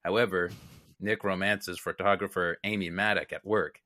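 A man's voice: low-pitched, fairly even intonation, moderate pace, sharp tone, dry recording, studio quality. A young man co-hosting a podcast, chatting loosely about films, swearing and laughing often. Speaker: podcast co-host. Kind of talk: casual film chat.

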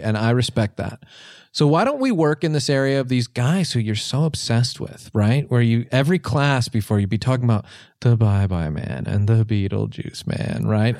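A man improvising a comedy scene as an earnest songwriting teacher, rambling through ideas, his pitch jumping up when he gets excited. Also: no echo, clean studio sound. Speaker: comedy podcast host playing a songwriting teacher.

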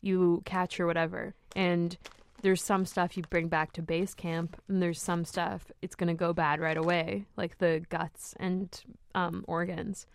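A woman's voice: fairly low pitch, flat delivery, unhurried, vocal fry, few pauses, smooth. A woman in casual snack-tasting chat, a chatty, playful storyteller.

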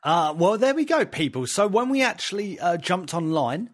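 A young British man co-hosts a podcast, chatting casually and lively with playful slang and jokes. His voice is high-pitched at a normal speed, recorded dry with studio quality.

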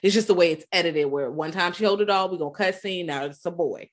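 A woman co-hosting a podcast, retelling a film in a lively, profane, casual way. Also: on the low side, quick pace. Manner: animated, profane, acts out quotes. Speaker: podcast co-host.

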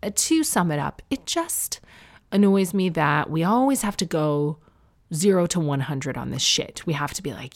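Vlogger, Canadian woman in her 30s, low voice, chatty and wry. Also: big pitch swings, moderate pace. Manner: chatty, self-mocking, opinionated. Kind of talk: casual chat to camera. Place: indoors at home.

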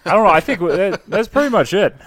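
A man's voice: sits high, lively intonation, quick pace, fairly bright tone, no room sound, clean studio sound. A young man in casual chat, rambling with lots of fillers.

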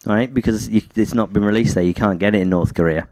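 Wry man, low and dry. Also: fast, darkish tone, dry recording. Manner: storytelling, wry, prone to laughing. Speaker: podcast co-host. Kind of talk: casual chat.

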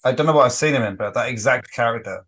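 A man's voice: mid-range voice, quick pace, fairly bright tone. A man in a casual podcast chat, tossing in joking asides and laughing along. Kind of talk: casual film recap chat.

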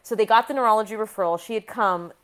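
A woman's voice: medium pitch, fast talker, fairly bright tone. A woman physician, in her thirties, telling a personal story frankly and emotionally, often restarting her sentences. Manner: frank and emotional, with frequent restarts and some profanity.

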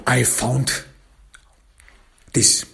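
A man's voice: very slow, pushed and bright. A man doing a cornered, pleading liar. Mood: lying. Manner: pleading, evasive. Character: frightened lying middle-aged man caught out.

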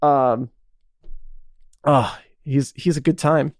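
A man's voice: mid-range voice, fairly even intonation, slow pace, a little mellow, no echo. List: man, casual podcast chat, enthusiastic, rambling, swears, dry room. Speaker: podcast co-host.

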